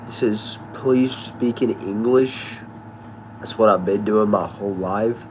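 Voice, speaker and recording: Taking it slowly in a lowish voice, a streamer reads out viewer comments and chats with them in easygoing slang, saying y'all and bro. A little hiss or hum can be heard in this casual live chat.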